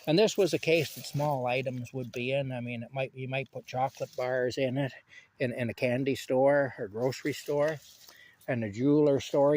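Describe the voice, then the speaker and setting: A man tells a work story outdoors in a loose, rambling way, full of "um"s and repeated phrases. His voice sits at an ordinary pitch. A faint hiss of outdoor noise runs behind him. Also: darkish tone. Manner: rambling, repeats himself, frequent fillers. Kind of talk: casual spoken anecdote. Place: outdoors while picking strawberries.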